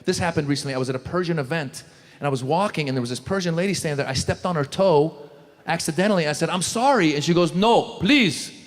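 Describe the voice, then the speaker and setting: A middle-aged man from Iran doing an animated stand-up routine on a club stage, acting out characters. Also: fairly high pitch. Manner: animated, acts out characters with quick repeated greetings. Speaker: stand-up comedian. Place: comedy club stage with live audience. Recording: live crowd laughter and ambient noise.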